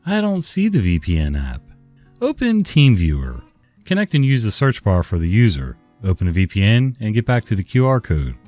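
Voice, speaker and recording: A man's voice: fairly low pitch, huge pitch swings, moderate pace, a little mellow, faint music behind. A man voicing a patient, weary male help-desk worker with polite, scripted phrasing.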